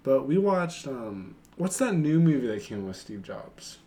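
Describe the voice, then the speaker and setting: A man's voice: mid-range voice, big pitch swings, a little slow, dark tone. A young man in casual podcast chat who rambles and hesitates while searching for words. He laughs often as he talks. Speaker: podcast co-host.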